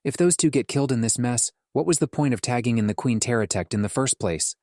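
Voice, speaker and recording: A man's voice: medium pitch, fast, a little mellow, dry recording, clean studio sound, lightly acted. A man reading an audiobook and voicing the female Demon Lord with breezy, offhand questions. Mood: exasperated. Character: brash female demon ruler, casual and commanding.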